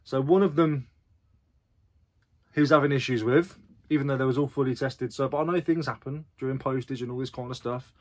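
A man with a voice of middling pitch chats casually to his viewers in a vlog. He talks to them directly and pokes fun at himself as he goes. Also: steady tone, brisk, darkish tone. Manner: chatty, self-deprecating, talks to viewers directly. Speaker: reseller vlogger.

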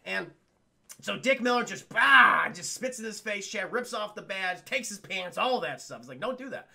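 A man's voice: sits high, animated, normal speed, vocal fry, sharp tone. A man streaming a casual film recap, rambling and swearing while constantly addressing his chat.

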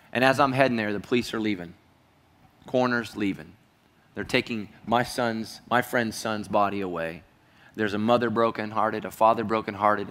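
A man preaching a sermon as pastor, telling a personal story earnestly and dropping to a hushed voice at heavy moments. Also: fairly low pitch, in a large hall.

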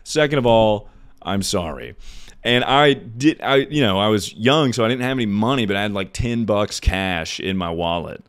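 A man in his twenties with a deep voice, a streamer rambling through stories in casual chat, swearing and laughing at himself. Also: animated, normal speed, clean tone. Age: 20s. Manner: rambling, profane storyteller who laughs at his own stories.

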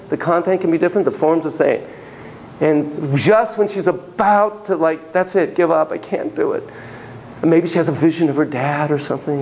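A man's voice: sits high, a little mellow, a little hiss or hum, rough recording. A man lecturing a class on psychotherapy, telling a story theatrically with gasps, laughs and sudden drops to a whisper.

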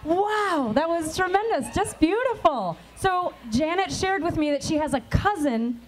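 A woman's voice: extremely high pitch, animated, a little slow. A woman hosting a live charity dance event, upbeat and enthusiastic as she talks with the dancers and judges. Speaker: event emcee. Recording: noisy crowded hall.

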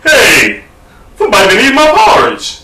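A man voicing an indignant father bear who blusters loudly. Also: fairly high pitch, wildly swooping pitch, normal speed, voice pushed up, exaggerated voice. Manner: shouted, blustering. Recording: echoey room, distant mic.

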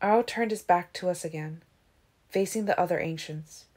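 A woman reading a novel aloud as an audiobook, with steady, even storytelling. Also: fairly low pitch, normal speed, breathy edge. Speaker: audiobook reader. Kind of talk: audiobook narration.

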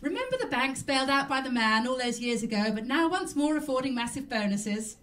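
A woman doing a stand-up character act as a mock chat show host. She sounds prim and genteel and rambles along. Her fairly high voice swoops up and down a lot, picked up by a mic set well back from her. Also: lively intonation, brisk, fairly bright tone, recorded from a distance.

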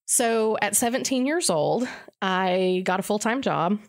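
A woman in her forties recounts her own story as an interview guest, earnest and reflective, with an ordinary, middle-range pitch. She talks things through with frequent fillers and restarts. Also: lively intonation, measured pace. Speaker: radio morning show co-host as interview guest. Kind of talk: candid personal interview.

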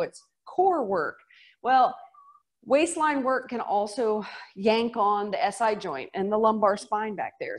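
A middle-aged fitness instructor with a Southern US accent leads a workout class, bubbly and playful, sprinkling in little sound effects and laughs. Her voice is fairly high with a darkish tone, and the audio is poor.

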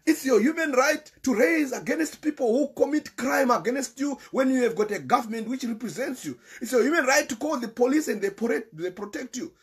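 A man's voice: very high voice, expressive, fairly quick, few pauses, husky. A Zimbabwean man giving impassioned political commentary, emphatic and repetitive, mixing English with Shona.

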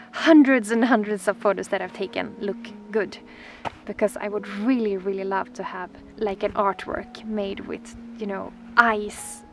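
A Swedish woman vlogging outdoors on a frozen lake, speaking in a gentle, dreamy, excitable way that sometimes drops softly toward a whisper. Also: mid-range voice, low-quality recording. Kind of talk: casual vlog talk to camera.

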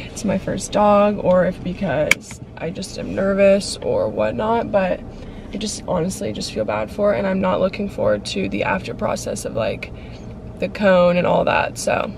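Speaking at a normal speed in a gravelly, mid-range voice, a vlogger in her twenties talks casually into her phone. She's chatty and somewhat emotional, with gentle tearful asides, moving from her car to her bed at home. Some faint background noise can be heard.

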